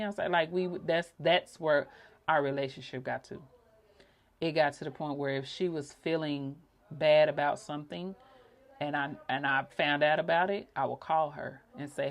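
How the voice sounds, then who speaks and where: A woman with a low, deep speaking voice. She talks in a heartfelt, emotional way, telling personal stories as a podcast host with bursts of laughter. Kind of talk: personal reflective monologue.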